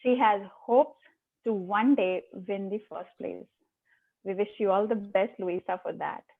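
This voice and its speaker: A woman's voice: medium pitch, gravelly. Woman host reading an intro over a tinny call. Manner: measured, reads out a prepared bio. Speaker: meeting host introducing a speaker. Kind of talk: reading a formal speaker introduction. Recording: phone-like video call audio.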